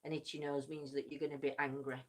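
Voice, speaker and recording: A woman's voice: rumbling low, flat delivery, fast talker, a little mellow. A woman hosting a casual livestream, chatty and teasing, tired and yawning. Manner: chatty, laughs often, teasing. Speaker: livestream host. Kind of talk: casual live chat.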